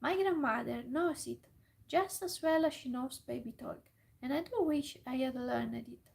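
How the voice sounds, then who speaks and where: A woman's voice: high-pitched, a little slow, vocal fry, a little mellow. A woman voicing an anxious, earnest little girl in a whispered role-play.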